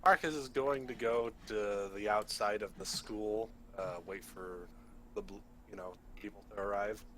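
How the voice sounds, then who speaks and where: A man playing in a tabletop role-playing game, talking haltingly and thinking aloud with many pauses. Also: on the low side, steady tone, a bit bright, slight background noise. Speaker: player.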